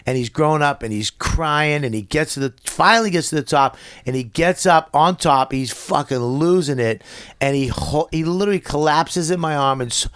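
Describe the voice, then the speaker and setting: A middle-aged man with a Boston accent, a comedian guest telling profane, animated stories in casual podcast chat. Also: a little high, normal speed, clean tone, no echo, studio quality. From Boston area. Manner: profane, animated storytelling with acted-out quotes. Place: podcast studio.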